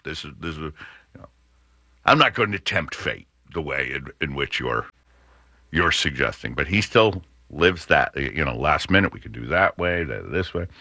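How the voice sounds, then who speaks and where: Middle-aged male radio host, deep and bright, meandering chat, dry studio sound. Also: animated, normal speed, dry recording. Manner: rambling with frequent restarts and fillers. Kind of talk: casual radio talk.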